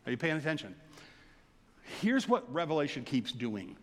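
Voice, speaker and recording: A man preaching a sermon in a church, telling the story with animated energy and laughter. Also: on the high side, normal speed, pauses often. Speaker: pastor. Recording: long reverb of a large hall.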